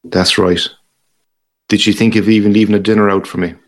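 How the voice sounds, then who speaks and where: A man's voice: lowish voice, flat delivery, fairly quick, natural voice. A man doing a bullying, bad-tempered father. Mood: gruff. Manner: harsh, shouting, bullying.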